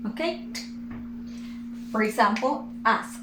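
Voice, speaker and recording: A woman English teacher explaining pronunciation, slowly repeating each word and checking in with "okay?". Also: on the high side, lively intonation, background noise. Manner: repeats words slowly for drilling, frequent "okay?". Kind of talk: slow explanatory lesson. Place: room with whiteboard. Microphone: camera at a distance. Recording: echoey room, far from the mic.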